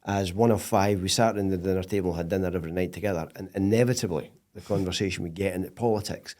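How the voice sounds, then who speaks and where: Scottish man, middle-aged, lowish voice, animated storyteller, podcast guest. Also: fast. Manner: animated storyteller, laughs often. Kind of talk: casual interview chat.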